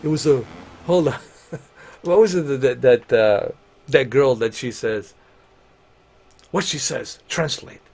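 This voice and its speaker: A man chatting casually during a game livestream, rambling and swearing, often breaking into laughter as he talks himself up into excited emphasis. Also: medium pitch, slow pace, gravelly, long pauses, slightly rough. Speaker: game streamer.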